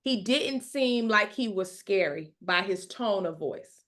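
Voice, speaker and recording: A woman's voice: mid-range voice, expressive, takes it slowly, a bit bright. A woman teacher reading a story aloud to learners, stopping to explain words simply and check they follow.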